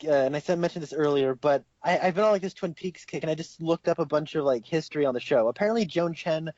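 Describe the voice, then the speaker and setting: Excitable young man, raspy dry lo-fi sound. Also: a little high, quick pace, no echo. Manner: rambling, excitable, laughs often. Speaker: podcast co-host. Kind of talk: casual chat.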